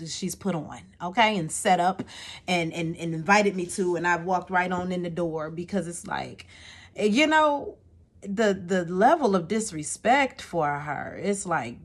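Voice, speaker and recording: A woman's voice: fairly low pitch, lively intonation, a little slow. A woman telling a personal story to her viewers in a casual, exasperated way. She often repeats words and checks in with "okay?".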